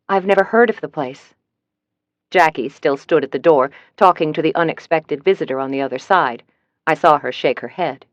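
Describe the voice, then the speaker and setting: Woman narrating an audiobook, low dry voice. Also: lively intonation, moderate pace, dry recording, lo-fi sound. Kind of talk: first-person audiobook narration.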